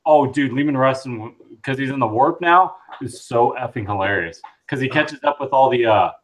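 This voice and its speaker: A man co-hosting a casual live chat, excitable and rambling as he retells scenes. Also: mid-range voice, moderate pace, a little hiss or hum, low-quality recording. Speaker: podcast co-host.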